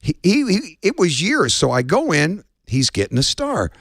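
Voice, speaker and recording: A man being interviewed as a guest, telling lively stories and acting out the people in them. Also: fairly high pitch, moderate pace, dry recording, clean studio sound. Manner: lively storyteller, acts out quotes. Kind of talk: anecdotal storytelling.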